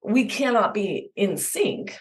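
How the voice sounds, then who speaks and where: Animated woman explaining attachment. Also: medium pitch, slow pace. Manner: animated, acts out examples in voices. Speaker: guest expert on attachment. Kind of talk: explaining in an interview.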